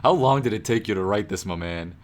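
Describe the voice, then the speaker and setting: A man's voice: lowish voice, animated, brisk. A young man hosting a reaction video, casually and animatedly breaking down rhymes as he talks. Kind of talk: casual commentary.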